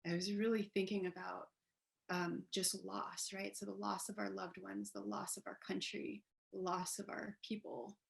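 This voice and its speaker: A woman artist speaking on a video call panel, soft and halting, with many pauses and fillers, growing emotional as she talks. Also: mid-range voice, gravelly, low-quality recording. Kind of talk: casual panel talk. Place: downtown apartment with street noise.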